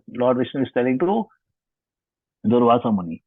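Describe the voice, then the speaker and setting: Husky man teaching over a call. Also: mid-range voice, expressive, a little fast, long pauses, no room sound. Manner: explanatory, repeats and rephrases often. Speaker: scripture teacher. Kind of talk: storytelling scripture lesson. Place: online session from home. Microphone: video call. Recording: tinny video-call line.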